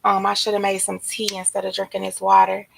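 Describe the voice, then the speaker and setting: A hoarse woman, chatting casually on a livestream and greeting viewers by name in a drawn-out, relaxed way. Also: medium pitch, slight background noise, poor audio. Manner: relaxed, drawn-out shout-outs to commenters. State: hoarse, losing her voice. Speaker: livestream host. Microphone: streaming setup.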